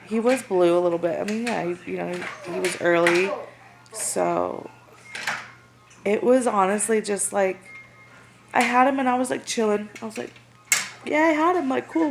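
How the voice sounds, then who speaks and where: A young woman, casually retelling a story and acting out what others said in lively voices. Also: fairly low pitch, creaky. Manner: animated, acts out quotes of others. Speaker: new mother. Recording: noisy home recording.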